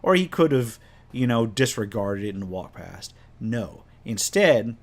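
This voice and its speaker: A man's voice: on the low side, big pitch swings, unhurried. A man recounting a tabletop game he ran as game master, rambling with many restarts. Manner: rambling, self-correcting, lots of restarts. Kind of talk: casual storytelling about a tabletop game.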